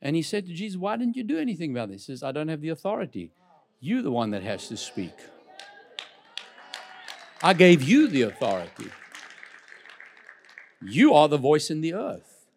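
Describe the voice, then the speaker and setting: A man pastor delivering a sermon in a church. His voice sits somewhat high and moves up and down with animated, lively intonation, peppered with repeated words and quick asides to the listeners. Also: slight background noise. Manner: lively preaching with many asides and repetitions.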